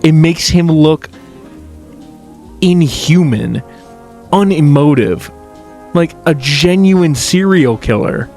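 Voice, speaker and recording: A man's voice: on the high side, expressive, slow pace, pauses often, a little mellow, soft background music. A man giving casual reaction commentary on a horror series, ranting in exasperation and swearing, with frequent restarts.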